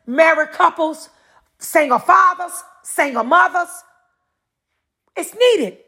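A woman's voice: high-pitched, a bit bright. A middle-aged woman hosting her own podcast, talking in a preachy monologue and answering her own rhetorical questions again and again. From North Carolina, USA. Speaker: podcast host.

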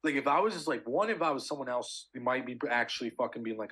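A man's voice: medium pitch, animated, fast, fairly bright tone, breathy edge, poor audio. A young man co-hosting a podcast, telling a story in casual chat, swearing a lot with many fillers. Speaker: podcast co-host.

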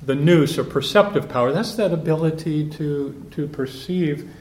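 A man, a priest, giving a relaxed conversational talk to a group at a retreat, telling stories and thinking aloud. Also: a little high, moderate pace. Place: meeting room with a group. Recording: echoey room, faint background hum.

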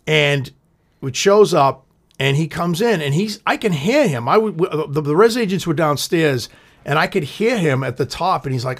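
A man spins a story for his podcast partner. His voice sits a little high, and he swears freely while acting out the quotes. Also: expressive, moderate pace. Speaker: podcast co-host. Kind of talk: casual storytelling chat.

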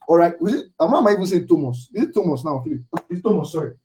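A man preaching a sermon emphatically, repeating key phrases and at times raising his voice to a shout. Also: high-pitched, animated, fast, hardly any pauses, faint music behind. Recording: echoey room, distant mic.

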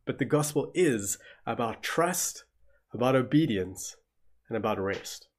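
A man's voice: medium pitch, lively intonation, measured pace. A man with a South African accent preaching a sermon as pastor, telling the story vividly and acting out gasps of shock.

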